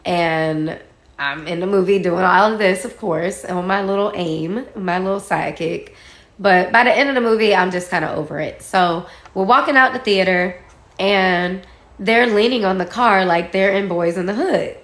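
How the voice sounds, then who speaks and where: A woman's voice: medium pitch, normal speed. Woman telling a story in a roomy space. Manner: animated, acts out quoted dialogue, laughs while telling. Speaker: guest storyteller. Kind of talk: casual personal storytelling. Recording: roomy echo.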